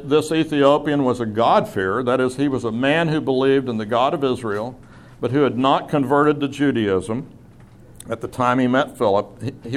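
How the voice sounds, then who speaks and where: A middle-aged man leads a Bible class in a classroom. His pitch sits in an ordinary middle range, and he talks conversationally, with fillers and restarts.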